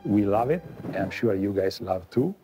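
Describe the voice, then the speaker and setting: A man's voice: fairly low pitch, lively intonation, moderate pace, music in the background. A man with an Italian accent speaking earnestly and proudly, with some joking, in an interview. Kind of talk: casual interview talk.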